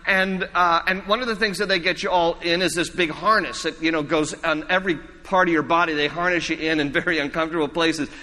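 A man's voice: high-pitched, pushed and bright. A male pastor preaching a sermon in a church, conversational and repetitive, mixing humor and personal stories. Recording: reverberant church hall.

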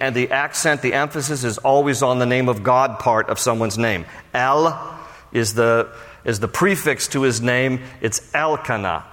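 A male pastor delivers a Bible teaching in a relaxed, conversational sermon style, weaving in personal asides. His voice sits at an ordinary middle pitch. It carries a long reverb, like a big church hall.

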